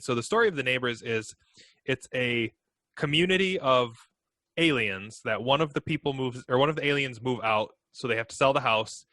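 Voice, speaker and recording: Bright-voiced male podcast co-host. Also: mid-range voice, no room sound. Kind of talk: casual chat.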